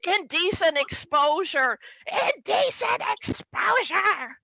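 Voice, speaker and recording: A woman's voice: extremely high pitch, big pitch swings, slow, vocal fry, bright, forceful tone, no room sound, pitched above the performer's own voice, full character voice, low-quality recording. A woman putting on a blustering stern old father. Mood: gruff scolding. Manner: blustering, scolding. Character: gruff older ex-Marine father, stern, prudish.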